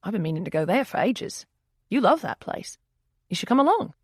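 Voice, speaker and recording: A woman reading the part of an easygoing young male bookstore owner in an audiobook, gentle and easily flustered. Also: high voice, sing-song, fairly quick, breathy edge, no echo, clean studio sound, voice pushed up, full character voice. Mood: earnest. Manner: gentle, flustered when teased. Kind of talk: audiobook dialogue.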